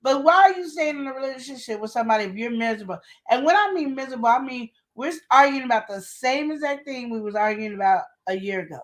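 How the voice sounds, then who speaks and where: A woman's voice: high voice, expressive, fast talker, few pauses. A woman co-hosting a live relationship advice stream, talking in a casual, emphatic way with slang and repeated questions. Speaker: co-host of a live advice show.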